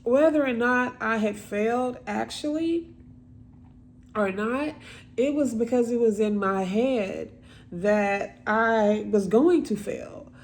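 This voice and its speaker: A woman telling a painful personal story in a repetitive, emotional, halting monologue. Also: on the high side.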